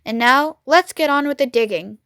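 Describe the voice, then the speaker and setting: A woman's voice: high voice, normal speed, no echo, studio quality. A woman voicing a clever, confident male fox who leads the others in a storybook. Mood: assured. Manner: calm and assured, softly menacing at times.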